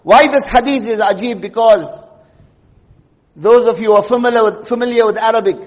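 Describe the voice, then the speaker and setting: A man preaches a Friday sermon in a very high, ringing voice. He presses his points with rhetorical questions and repeats key phrases. His words trail off in the long reverb of a large hall. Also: brisk, a little mellow.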